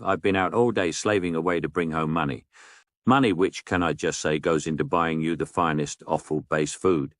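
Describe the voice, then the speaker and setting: Very deep-voiced deadpan man. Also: normal speed, dry recording, studio quality. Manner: deadpan, wry, mock-indignant asides. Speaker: narrator. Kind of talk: dry comic storytelling monologue.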